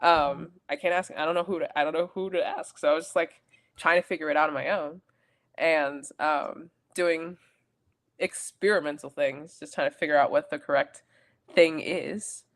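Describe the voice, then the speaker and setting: A woman's voice: low-pitched, fairly even intonation, moderate pace. A young adult woman co-hosting a podcast, telling a personal story in a rambling, chatty way with self-corrections. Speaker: podcast co-host. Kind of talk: casual chat.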